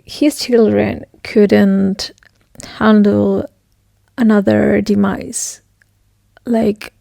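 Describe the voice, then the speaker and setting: A woman's voice: medium pitch, vocal fry, a little mellow, dry recording, studio quality. A young woman chatting casually in a reading vlog, rambling and emotional, swearing often and sometimes dropping to a whisper. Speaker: book vlogger.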